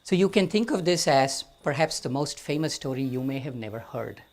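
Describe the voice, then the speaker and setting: A man with an Indian accent tells a story to a gathered crowd, taking his time over each phrase. His pitch sits in the middle range, and he slips in dry, self-mocking jokes between the sacred parts. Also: lively intonation. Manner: slow and deliberate, with wry humor. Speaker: guest storyteller. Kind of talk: live storytelling to an audience. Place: amphitheater.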